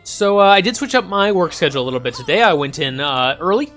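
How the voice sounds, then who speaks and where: A man's voice: sits high, expressive, quick pace, fairly bright tone, soft background music. A man casually commenting on a strategy game as he plays, thinking aloud with frequent ums and small chuckles. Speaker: gaming channel host. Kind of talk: casual let's-play commentary.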